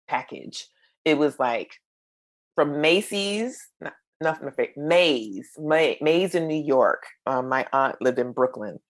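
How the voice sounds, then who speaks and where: A middle-aged woman from the United States, a podcast guest, telling stories in an animated way and acting out the voices of people she quotes. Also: low-pitched. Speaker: guest, creator of a menopause storytelling project. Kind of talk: storytelling in a podcast conversation.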